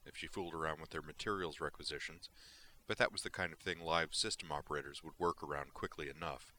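A man reads a science fiction story aloud in a steady, even way. His voice is low yet crisp and bright. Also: a little hiss or hum. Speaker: narrator. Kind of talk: audiobook reading of sci-fi fiction.

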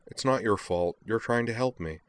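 A man's voice: on the low side, moderate pace, natural voice. A man reading a frustrated young woman's lines in a story, lifting his voice a little for her.

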